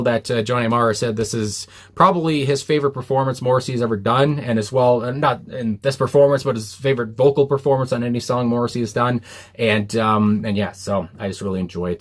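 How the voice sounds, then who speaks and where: A young man talks through a music reaction in an easy, rambling way, stopping often for fillers. He quotes lyrics with earnest feeling, and his voice sits at an ordinary middle pitch. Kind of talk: casual reaction commentary. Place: small hot room indoors.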